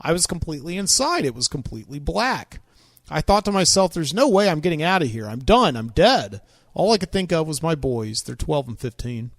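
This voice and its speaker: A man voicing a lobster diver with a put-on Southern accent and a dramatic, excited way of retelling. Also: on the high side, fairly quick, no room sound, clean studio sound.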